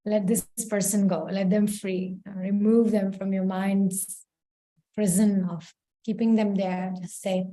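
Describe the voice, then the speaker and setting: A woman leading a spiritual session, guiding listeners slowly and soothingly through a forgiveness reflection. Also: mid-range voice, mellow. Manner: slow, soothing and encouraging. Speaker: session leader.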